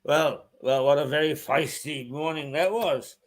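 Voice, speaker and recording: Man hosting a radio show; halting, chuckling, chatty delivery. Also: fairly high pitch. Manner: halting, many restarts and chuckles. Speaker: radio presenter. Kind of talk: casual on-air chat.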